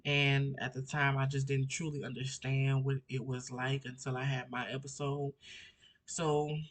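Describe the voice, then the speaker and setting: A man's voice: medium pitch, flat delivery, normal speed, fairly bright tone. A man in his twenties at home, telling a personal story in a rambling, emotional way, with many fillers and restarts. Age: 20s. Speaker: vlogger. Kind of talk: personal story-time vlog.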